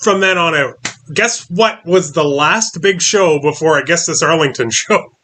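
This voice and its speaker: A man hosting a relaxed interview, with a fairly high, very bright voice. He talks loosely, padding his sentences with ums and likes. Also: a little slow. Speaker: host. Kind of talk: casual interview.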